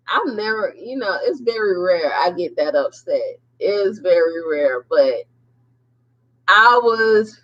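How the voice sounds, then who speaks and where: A woman, a podcast host and prophetess, telling a personal testimony in an emphatic, animated way and laughing through it. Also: medium pitch. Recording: muffled lo-fi audio.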